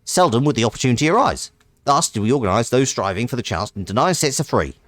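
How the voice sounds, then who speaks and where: A man voicing a cursed male wanderer from a game, with a strained, high put-on voice and a wobbly made-up accent. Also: animated, fast, no echo, lightly acted. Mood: earnest.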